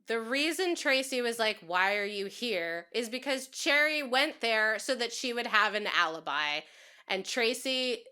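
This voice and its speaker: A woman's voice: medium pitch, clear, resonant tone. A woman in her thirties co-hosting a casual recap podcast, joking and laughing as she talks. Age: 30s. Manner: animated, joking, laughs often. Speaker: podcast co-host.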